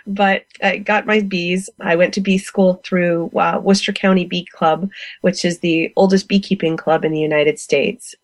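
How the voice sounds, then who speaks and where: A woman being interviewed, telling her story in an energetic, animated way. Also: lowish voice, no echo. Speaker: guest beekeeper.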